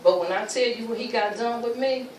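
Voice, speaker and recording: A woman giving an emotional personal testimony at a luncheon, telling her story in animated, informal speech and acting out what people said. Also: fairly high pitch, fairly quick. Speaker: speaker sharing a personal testimony. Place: luncheon event room. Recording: roomy, distant mic, faint ambience.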